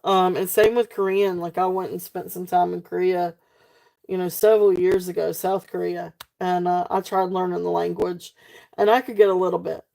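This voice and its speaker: A woman with a Southern accent runs a live jewelry sale, chatting casually, wandering off on tangents and laughing often. Her voice is lowish, gravelly and mellow, with flat delivery at a moderate pace.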